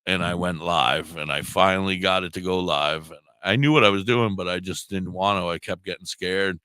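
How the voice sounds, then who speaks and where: A middle-aged man with a low, deep voice that stays smooth and resonant despite a sore throat. He co-hosts a podcast and wanders through a casual story, swearing freely and poking fun at himself. The sound is dry and close, with no room around it. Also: fairly even intonation, moderate pace, bright, forceful tone, no room sound. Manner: rambling, swears freely, self-deprecating. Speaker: podcast co-host.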